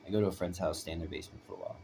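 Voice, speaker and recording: A man with a deep, low voice tells his own story in a loose, rambling way. He presses his points hard and keeps checking in with "right?" A light background noise runs under the recording. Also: steady tone, rapid-fire. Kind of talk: personal storytelling.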